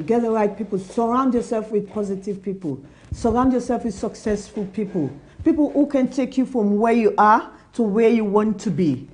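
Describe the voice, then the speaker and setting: Young woman host, mellow voice, earnest motivational advice with acted-out dialogue. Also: medium pitch. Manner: earnest, repetitive advice, acts out quoted dialogue. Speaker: business talk show host. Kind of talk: motivational business talk.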